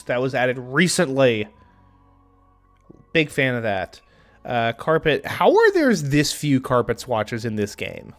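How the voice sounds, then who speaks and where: Slow, lively-voiced young man streaming. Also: medium pitch, faint music behind. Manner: thinks aloud with frequent ums and restarts. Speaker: game streamer. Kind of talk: casual live-stream commentary.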